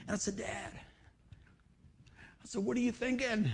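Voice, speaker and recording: Animated and gravelly, a middle-aged pastor's high voice moves at normal speed with long pauses as he delivers his sermon. He keeps repeating phrases and spurring on the congregation, his emotional exhortation punctuated by call-and-response asides.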